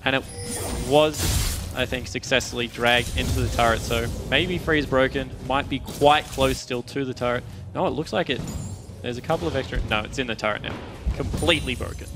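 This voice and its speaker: A man's voice: mid-range voice, brisk, music in the background. A man with an Australian accent casting an esports match, explaining strategy in detail. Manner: analytical, explains game mechanics at length. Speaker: esports caster. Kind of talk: esports commentary.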